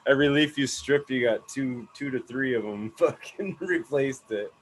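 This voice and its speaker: A man's voice: medium pitch, normal speed, slight background noise. A man co-hosting a casual chat, laughing and teasing while he swears. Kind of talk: casual chat on a video call.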